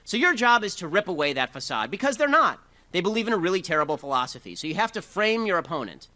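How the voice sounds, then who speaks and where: Brisk, combative man giving a talk. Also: sits high, very animated, sharp tone. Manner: fast, combative, sarcastic delivery. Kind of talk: speech to a live audience.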